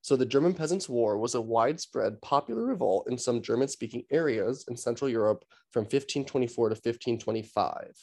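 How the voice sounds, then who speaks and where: A man co-hosting a casual conversational podcast, with a middle-pitched, unforced voice. He reads facts aloud in a laid-back way, with small stumbles and restarts. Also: lively intonation, fairly quick, hardly any pauses, darkish tone. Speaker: podcast co-host.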